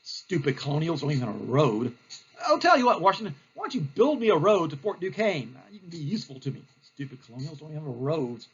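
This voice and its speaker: A man's voice: on the high side, big pitch swings, fast, husky, lo-fi sound, voice pushed down, heavily acted. A man voicing an arrogant British general who sneers at the colonials. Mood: scornful. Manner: sneering, condescending.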